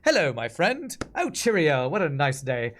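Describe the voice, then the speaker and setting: A man's voice: on the high side, huge pitch swings, normal speed, slight background noise. A man putting on a jolly fake-posh English gent. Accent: exaggerated fake British. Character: hammy mock-posh English gentleman, cheery.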